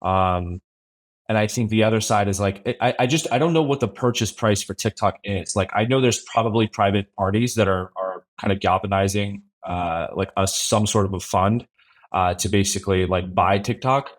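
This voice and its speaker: Lower-voiced man, podcast guest, easygoing and rambling delivery. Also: moderate pace. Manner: relaxed, rambling, frequent restarts and "like". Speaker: podcast guest, brand creative officer. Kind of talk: casual interview chat.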